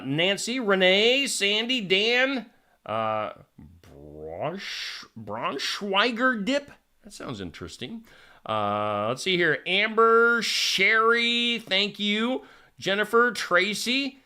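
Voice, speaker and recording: Male live-stream host, chatty and animated, good-humored banter. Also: high-pitched, slow, clean tone. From Iowa. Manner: chatty, jokey, reads out viewer names. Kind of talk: casual live-stream chat.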